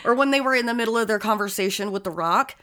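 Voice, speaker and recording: A woman chatting casually, animated and swearing freely as she acts out funny stories. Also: a little high, fast talker. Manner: animated storyteller, swears often, acts out quotes. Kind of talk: casual chat.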